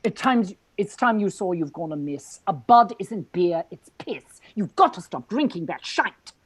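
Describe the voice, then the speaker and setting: A woman's voice: fairly low pitch, sing-song, unhurried, slightly rough, no echo, exaggerated voice. Woman reading a teasing British poet man. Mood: grandly poetic. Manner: teasing, wordplay, grand flourishes. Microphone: video call.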